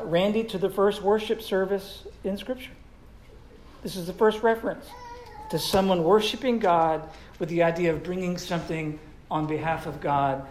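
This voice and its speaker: A woman's voice: on the low side, a little mellow, slight background noise, poor audio. A woman teaching a Bible study, joking with the group and quizzing listeners by name.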